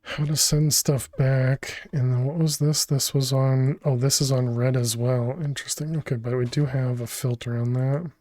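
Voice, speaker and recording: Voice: medium pitch, little pitch movement, moderate pace, few pauses, a little mellow, dry recording. A game streamer talking through a build during a live stream, muttering and restarting sentences as they think aloud, from a home room on a desk microphone. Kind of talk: casual live-stream gameplay commentary.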